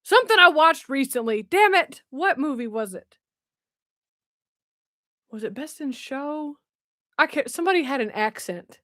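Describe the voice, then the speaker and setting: A woman's voice: sits high, lively intonation, unhurried, pauses often, a bit bright, no echo, studio quality. A woman hosting a casual live stream, chatting and reading comments with a giggly, self-mocking manner. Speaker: streamer host.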